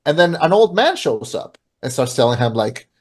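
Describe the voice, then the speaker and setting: A man's voice: medium pitch, sing-song, normal speed, slightly rough. A podcast co-host chatting casually as he retells a film's plot, with many fillers and restarts.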